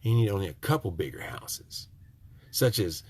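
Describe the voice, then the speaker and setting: Husky, nasal Michigan man, a tiny house builder preaching to camera in an emphatic monologue that drops into hushed asides. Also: animated, normal speed. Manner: emphatic and preachy, swinging from loud outbursts to low, hushed asides. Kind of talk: ranting monologue to viewers.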